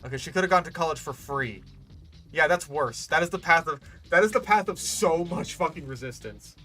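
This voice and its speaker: A man's voice: a little high, animated, fairly quick, pushed and bright, soft background music. A man doing casual, ranting commentary as a gaming YouTuber while he builds a park, sarcastic and profane.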